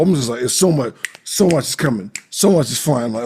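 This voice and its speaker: A man's voice: mid-range voice, lively intonation, moderate pace, a little mellow, slightly rough. A man co-hosting a podcast, recapping a film in casual, profane chat and acting out the characters' lines with big jumps in his voice. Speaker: podcast co-host.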